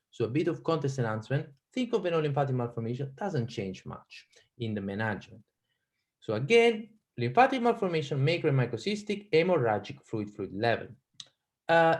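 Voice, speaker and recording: A man with an Italian accent giving an online teaching lecture on a video call, quizzing the audience and often restarting his sentences. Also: mid-range voice. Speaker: radiology lecturer.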